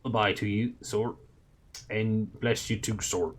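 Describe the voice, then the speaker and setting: A man doing a gruff old Scottish witchfinder. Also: lowish voice, fairly even intonation, slow. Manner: growling, dismissive, thick put-on Scottish brogue.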